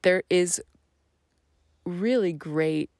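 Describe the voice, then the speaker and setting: A woman hosting her own podcast, talking in a slow, earnest, reflective monologue that drifts into soft half-whispers. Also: on the low side, no room sound, clean studio sound. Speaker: podcast host.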